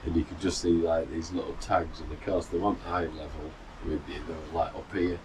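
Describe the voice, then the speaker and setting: This middle-aged man speaks low and level at a fairly quick clip, casually recounting a long run with plenty of fillers and false starts. He's a runner vlogger telling the story from a balcony in the mountains, recorded on a distant mic amid noisy outdoor sound.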